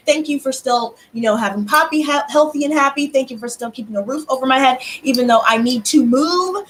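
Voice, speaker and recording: A high-pitched woman tells stories to her viewers in a loose, chatty way. She swears freely and jumps into other people's lines as she acts out conversations, with big leaps in her voice. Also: brisk, hardly any pauses. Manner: animated, swears freely, acts out dialogue in bursts. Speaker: tarot reader and channel host. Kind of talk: casual storytelling to viewers.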